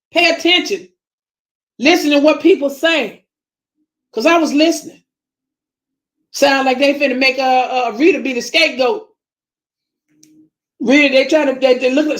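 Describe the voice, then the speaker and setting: A woman's voice: sits high, roomy sound. A woman with a Southern US accent, talking to her viewers in casual commentary, emphatic and preachy, repeating her points and calling them family. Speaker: YouTube channel host.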